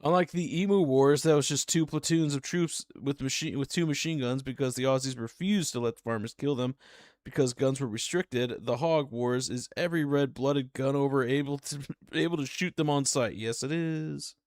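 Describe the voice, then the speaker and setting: A man's voice: mid-range voice, normal speed, a little mellow, no room sound, studio quality. Chatty man on a reaction stream. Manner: chatty, frequent giggling asides. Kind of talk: casual reaction stream chat.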